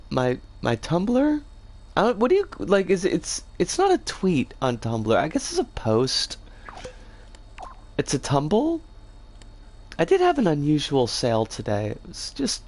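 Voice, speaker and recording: On a livestream, a game streamer chats casually and rambles with playful slang, their voice rough and scratchy today. The medium-pitched voice swings hugely in pitch, moves at a measured pace with long pauses, and sounds a little mellow.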